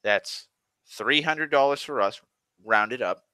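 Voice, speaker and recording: A man's voice: medium pitch, slow, sharp tone, clean tone, no room sound. Exasperated, foul-mouthed ranting man. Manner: exasperated, heavy swearing, restarts mid-sentence. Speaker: online storyteller. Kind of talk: profane rambling rant.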